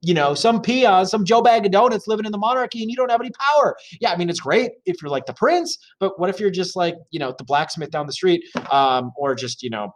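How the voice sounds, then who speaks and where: A man's voice: high-pitched, animated, brisk, few pauses. A man reading and explaining a social studies lesson, chatty with jokey asides and frequent fillers. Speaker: teacher.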